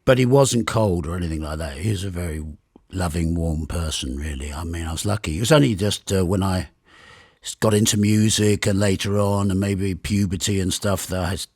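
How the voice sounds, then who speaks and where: An English man in his sixties, a guest telling stories in a relaxed, rambling way, full of fillers and restarts. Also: low voice, fairly quick, no room sound, clean studio sound. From England. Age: 60s. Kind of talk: candid conversational storytelling.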